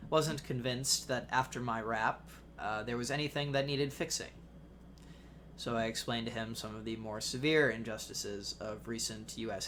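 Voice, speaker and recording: A man's voice: mid-range voice, fairly bright tone, a little hiss or hum. Young man reading a wry personal essay. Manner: measured, wry storytelling. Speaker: narrator.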